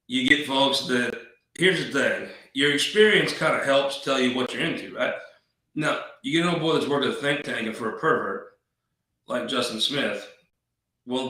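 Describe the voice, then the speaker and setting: Guy ranting about politics, bright voice, super echoey room, kinda far from the mic. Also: mid-range voice. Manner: blunt folksy talk with restarts. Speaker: political show host. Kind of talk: casual political commentary.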